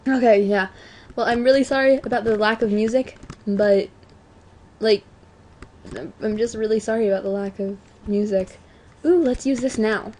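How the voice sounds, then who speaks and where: A teenage girl at home giving chatty, self-mocking commentary on a video game, often apologizing and breaking into excited outbursts. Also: a little high, moderate pace, long pauses, a little hiss or hum. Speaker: let's play gamer. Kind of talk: casual gameplay commentary.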